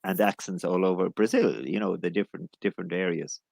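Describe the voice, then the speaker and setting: A man's voice: low-pitched, fast, creaky, darkish tone, dry recording. A man with an Irish accent, an English teacher in a casual live chat, rambling and jokey, often correcting himself.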